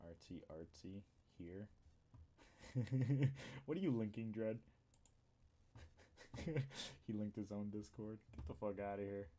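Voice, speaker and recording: A man's voice: lowish voice, takes it slowly, long pauses, dark tone. A man streaming live, chatting casually with friends and his chat, crude and boastful, swearing a lot. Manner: talks to chat between jokes.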